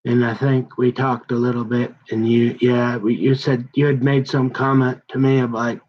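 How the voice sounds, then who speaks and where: A man telling a long personal grievance in a rambling, halting way, often restarting his sentences and growing heated as he goes. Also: mid-range voice, flat delivery, lo-fi sound, slight background noise. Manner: aggrieved, heated. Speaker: son recounting a family conflict.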